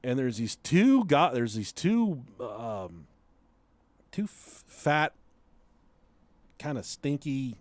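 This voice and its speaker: A man casually telling a story on a podcast, animated and profane, often laughing as he talks. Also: medium pitch, slow pace, pauses often, no room sound. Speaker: podcast host.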